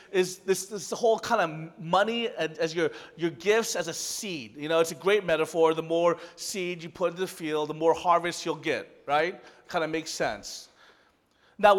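A man preaching a sermon, telling a story that swings from loud excitement to hushed softness. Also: high voice, moderate pace, long reverb tail. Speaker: pastor.

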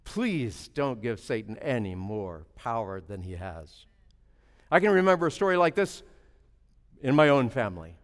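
A male preacher telling a story in a sermon with a lively, rising and falling pitch. He swings from loud emphasis to hushed asides and often stumbles over repeated words. Long reverb trails his voice around a large hall. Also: normal speed.

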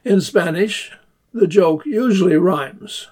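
A man hosting a community radio segment, telling the history of a joke form in unhurried scripted narration and reading the jokes aloud in playful voices. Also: sits high, a little mellow, slightly rough. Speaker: radio host.

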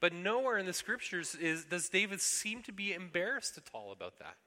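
A man's voice: high voice, sing-song, a little fast, pushed and bright, in a large hall. A man preaching a sermon earnestly, now and then acting out pleas to God in a raised voice. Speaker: pastor.

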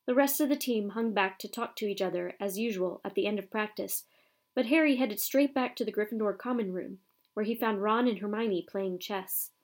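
A woman narrates a children's novel with steady storytelling. Her middle-pitched voice carries the scenes along evenly. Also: moderate pace. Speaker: audiobook narrator. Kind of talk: scripted narration.

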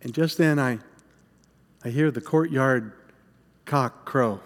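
A man playing the frightened, guilt-stricken apostle Peter in a dramatic first-person monologue, halting and stammering over his words. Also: medium pitch, long reverb tail, natural voice. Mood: ashamed.

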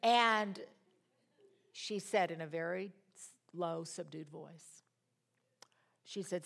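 A middle-aged woman teaching a Bible study, telling personal stories in a dramatic, expressive way. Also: on the low side, slow, creaky, long pauses.

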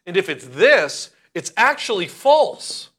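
A male pastor preaching a sermon, emphatic and slowing down to stress key words. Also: sits high, big pitch swings, fairly bright tone.

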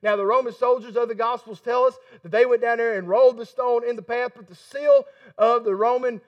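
A man preaching a sermon in a folksy, emphatic way, getting excited as he talks. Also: extremely high pitch, a little fast, far from the mic, lo-fi sound. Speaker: pastor.

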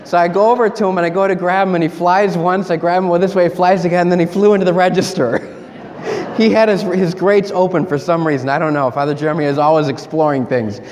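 Male priest, chatty homily storyteller, slightly high voice, echoing church, faint room hum. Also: quick pace. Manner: animated, chatty storytelling with laughs. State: sick with a cold. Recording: church hall reverb, faint ambience.

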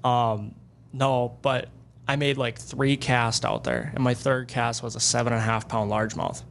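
A man being interviewed as a guest angler. He tells fishing stories in an excitable, animated way. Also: medium pitch, moderate pace, creaky, a little hiss or hum. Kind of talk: casual storytelling interview.

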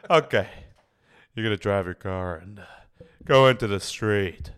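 A man impersonating a brash male pitchman from a car-rental commercial, loud and salesy. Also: measured pace, clean tone.

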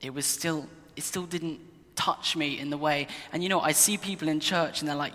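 Young man, earnest casual testimony, slightly high, bright forward tone, echoey room. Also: moderate pace. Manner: earnest, candid, sometimes restarts mid-sentence. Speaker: Christian sharing his testimony. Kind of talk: casual personal testimony to camera. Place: desk in his own room.

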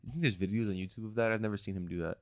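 A man's voice: on the low side, very fast, no room sound, studio quality. A young man co-hosting a podcast, chatting crudely and rambling with lots of swearing. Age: young adult. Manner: profane, rambling, lively. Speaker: podcast co-host. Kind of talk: crude casual chat.

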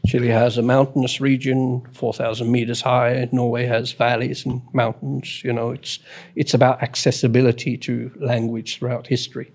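A man with an average-pitched voice talks in a relaxed, casual way. He lays out his ideas reflectively, building his point step by step. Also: normal speed. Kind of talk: casual chat.

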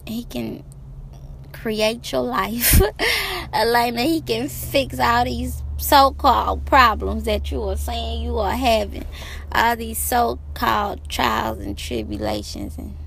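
A woman's voice: fairly high pitch, creaky, fairly bright tone. A middle-aged woman vlogging outdoors by the ocean, giving herself an emphatic, repetitive, preachy pep talk. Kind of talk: motivational self-talk.

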